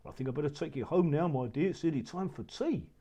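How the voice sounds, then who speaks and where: A man's voice: a little high, expressive, quick pace, mellow. A man voicing a kindly, protective father in a children's story, speaking firmly and comfortingly. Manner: firm, comforting.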